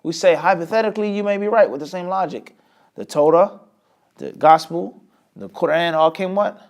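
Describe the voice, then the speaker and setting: A man teaching an Islamic lesson, often asking a rhetorical question and answering it himself, with sudden swings between loud and quiet. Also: sits high, normal speed. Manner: lively, with many sudden rises and drops in loudness. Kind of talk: lecture class.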